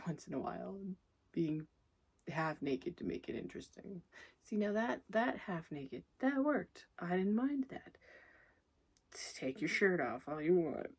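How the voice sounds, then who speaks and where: Her voice sits fairly low, gravelly and slightly rough with a darkish tone as this woman reviews a movie. The recap is loose and profane, full of candid remarks and frequent laughter, and she keeps wandering off into digressions spoken to herself.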